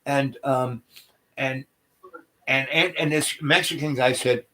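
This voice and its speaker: A man hosting a comedy show, telling a meandering story full of restarts and absurd deadpan asides. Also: medium pitch, slow. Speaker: comedic YouTube host. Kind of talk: rambling comic storytelling monologue.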